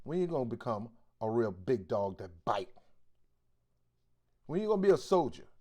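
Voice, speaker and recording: A male host giving preachy commentary in a forceful, exhorting way, with blunt street slang. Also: medium pitch, very animated, moderate pace.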